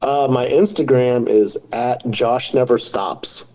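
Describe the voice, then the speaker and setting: A man's voice: mid-range voice, slow, warm tone, low-quality recording. A man in his forties, a podcast guest, talking casually and telling self-deprecating jokes. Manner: joking, self-deprecating storyteller. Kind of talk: casual interview talk.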